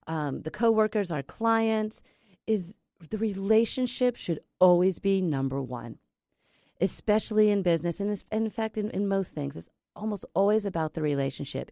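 A woman's voice: fairly low pitch, warm tone, dry recording, studio quality. A woman giving a chatty, rambling talk on negotiating, with many fillers and restarts. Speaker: negotiation trainer. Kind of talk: casual instructional talk.

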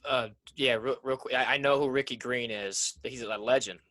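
A man's voice: mid-range voice, steady tone, normal speed, pushed and bright, dry recording. A man hosting a podcast interview, speaking casually and supportively and often repeating words. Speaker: podcast host.

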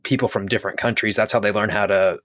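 A man's voice: fairly low pitch, fairly even intonation, quick pace, a bit bright, no room sound. Young man, podcast co-host, opinionated, rambling, casual swearing, dry room. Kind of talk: casual chat.

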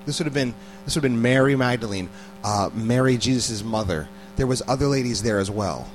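A man's voice: mid-range voice, brisk, slight background noise, low-quality recording. Conversational man preaching casually. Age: adult parent. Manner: conversational, repeats words, asks the listeners questions. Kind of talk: casual sermon.

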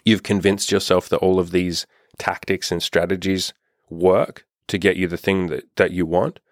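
A man's voice: sits low, little pitch movement, normal speed, no room sound, clean studio sound. A young man coaching on dating in a blunt, profane, impassioned casual monologue.

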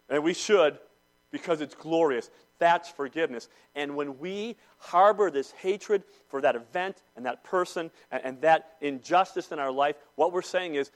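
A pastor with a rather high male voice preaching to his congregation in a church. He swings from ringing, emphatic declarations to low, hushed intensity, often repeating phrases for weight. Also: lively intonation, moderate pace. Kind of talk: sermon.

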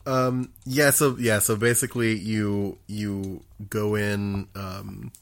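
A man's voice: fairly low pitch, little pitch movement, takes it slowly, vocal fry. A man talking casually about a video game, hesitant, with frequent ums and restarts. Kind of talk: casual chat.

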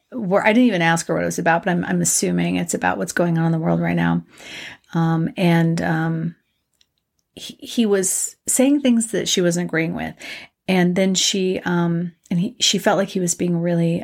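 Gravelly-voiced middle-aged woman vlogging. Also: lowish voice, fairly even intonation, normal speed. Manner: rambling, loose and conversational with many fillers. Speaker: spiritual vlogger. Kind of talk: casual spiritual vlog.

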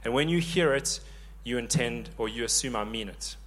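A man in his thirties preaching a sermon, lively and joking with the congregation. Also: mid-range voice, moderate pace. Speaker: pastor.

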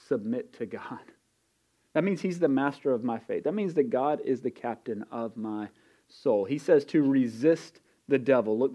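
A man's voice: medium pitch, warm tone, muffled recording. A man preaching a sermon in an earnest way, repeating key phrases and building intensity as he goes. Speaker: pastor.

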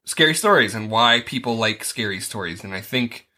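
A man's voice: on the low side, expressive, normal speed, sharp tone. A man hosting a casual podcast, asking a child questions and explaining things plainly. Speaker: podcast host interviewing a child. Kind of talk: casual chat.

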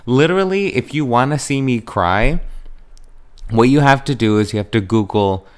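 Young man, podcast host, casual rambling chat, lowish voice, bursts into high excited quotes. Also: smooth. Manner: chatty, animated, leaps into a high excited voice when quoting himself.

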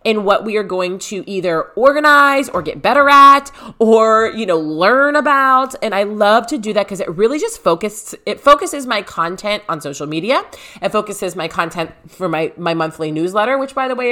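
A woman's voice: medium pitch, expressive, normal speed, pushed and bright. A woman in her thirties hosting her podcast from home, chatty and upbeat, laughing often as she talks into a podcast microphone. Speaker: podcast host. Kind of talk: casual podcast chat.

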